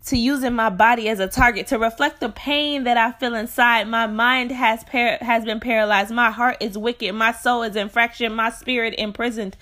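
A woman performing a spoken word poem like a prayer, impassioned, moving between hushed lines and crying out. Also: fairly high pitch, steady tone, normal speed, few pauses.

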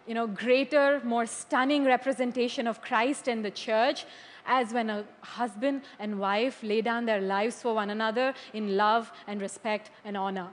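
A woman preaching a sermon in a church hall. She is animated, laughs often and keeps checking in with "okay?". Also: fairly high pitch. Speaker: church leader. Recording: long hall reverb.

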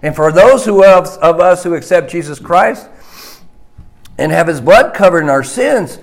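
A man preaching a sermon slowly and emphatically, dropping to a hushed voice on key points. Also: on the high side, animated.

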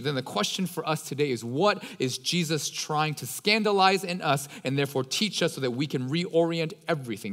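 Male pastor, fairly high voice, loose conversational sermon delivery, reverberant hall. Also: fairly bright tone. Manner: casual, slangy storytelling.

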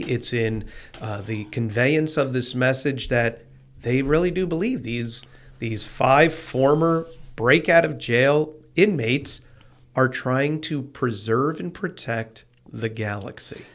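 This podcast co-host has a slightly bright, mid-range voice and speaks slowly. On a casual film discussion show, he animatedly retells movie scenes and reads scripture passages aloud.

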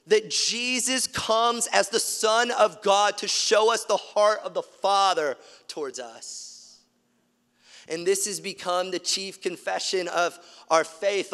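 A man's voice: sits high, fairly bright tone. A man in his thirties preaching a sermon, casual and emphatic, telling stories as a pastor. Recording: long reverb of a large hall.

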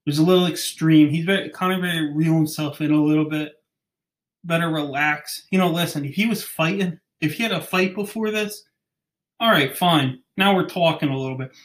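A young man with a slightly high voice rants casually on his podcast. He rambles, restarts sentences and stumbles over names as he goes. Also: a little fast. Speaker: podcast host. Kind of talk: casual chat.

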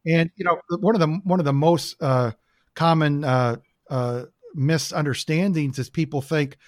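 A man's voice: fairly high pitch, normal speed, no echo, clean studio sound. A man from the United States chatting casually as a podcast guest, telling rambling, enthusiastic stories with lots of fillers.

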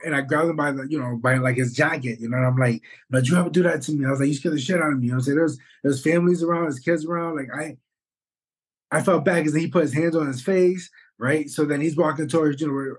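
A man co-hosting a podcast, telling a story in an animated, rambling way and swearing often. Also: fairly high pitch. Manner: animated, rambling, swears, says "bro" and "you know what I'm saying". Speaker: podcast co-host. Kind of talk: casual storytelling chat.

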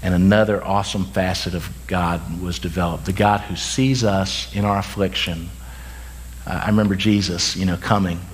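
A man preaching a sermon as pastor, conversational with quick asides and self-corrections, and he says he is tired. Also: low-pitched, steady tone.

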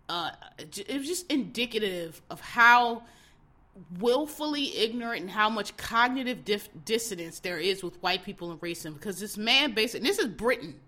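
Woman doing her solo podcast, bright forceful voice, blunt, animated, talking right to y'all. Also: mid-range voice. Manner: animated, blunt, talks straight to listeners. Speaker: podcast host. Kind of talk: casual solo commentary.

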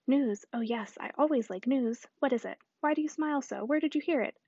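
A woman reading the part of a lively, self-assured young lady who speaks quickly and eagerly. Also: sits high, breathy edge, dry recording, lo-fi sound.

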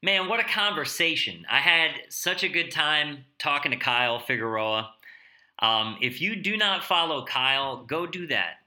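A man's voice: fairly high pitch, expressive, normal speed, sharp tone. A man hosting a podcast, speaking in a reflective, conversational way with plenty of fillers. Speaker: podcast host. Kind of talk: casual podcast interview and outro.

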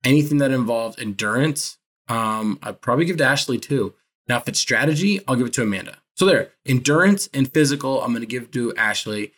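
Guy rambling through a reality show chat, average pitch, keeps restarting his sentences. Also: lively intonation, brisk, a bit bright. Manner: rambling, self-correcting, laughs often. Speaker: podcast co-host.

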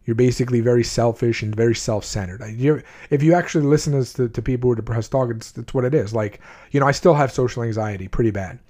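Talking fast in a mellow, medium-pitched voice, this man of at least his twenties relates his own life story to viewers. The account is candid, blunt, and emotional, and he regularly restarts his sentences.

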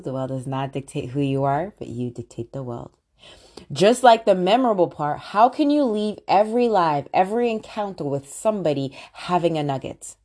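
A woman hosting a talk, coaching listeners on personal branding in an animated, motivational way. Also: fairly low pitch. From London-based. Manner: animated, sing-song repeated greetings, coaching tone. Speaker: podcast host and branding coach. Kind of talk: motivational monologue.

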